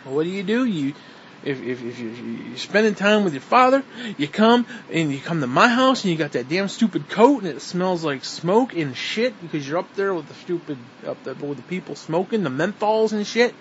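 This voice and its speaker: A man's voice: fairly high pitch, animated, moderate pace, fairly bright tone. A man delivering an angry, profane, repetitive rant straight at the listener. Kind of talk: ranting monologue to the camera. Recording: dull lo-fi recording with faint noise.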